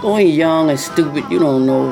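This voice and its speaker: A woman's voice: deep voice, normal speed, vocal fry, over music. An older woman, a retired singer, chatting in an interview and acting out voices from her stories, sprinkling in "you know". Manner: chatty, acts out quoted dialogue, frequent "you know". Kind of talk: casual storytelling interview.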